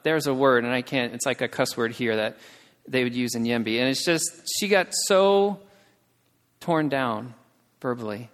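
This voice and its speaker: A man telling a missionary story in a sermon, growing emotional and acting out the people he quotes. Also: normal speed. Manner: emotional storytelling, acts out quotes with raised pitch. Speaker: missionary speaker. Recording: long reverb of a large hall.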